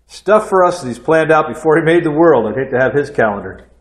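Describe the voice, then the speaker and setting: A man's voice: on the high side, lively intonation, quick pace. A man in his sixties preaching a sermon in a church with folksy storytelling and conversational asides. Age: 60s. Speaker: pastor. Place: church hall. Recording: echoey room.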